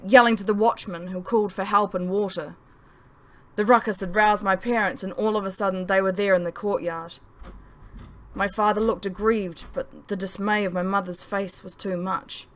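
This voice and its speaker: A woman's voice: medium pitch, moderate pace. Woman reading her own novel aloud. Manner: expressive first-person storytelling. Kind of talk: audiobook narration.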